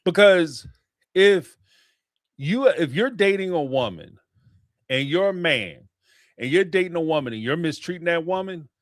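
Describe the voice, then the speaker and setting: A man hosts a casual call-in show and states his opinions bluntly and with emphasis. His voice sits a bit high for a man. The sound is dry and close. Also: expressive, a little slow, long pauses, no room sound. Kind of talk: casual chat.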